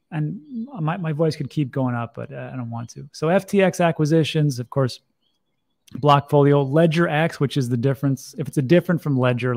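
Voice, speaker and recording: A man's voice: on the high side, vocal fry, darkish tone. A middle-aged man giving casual commentary on crypto news, chatty and wry, often breaking off mid-thought. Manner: chatty, wry asides, restarts.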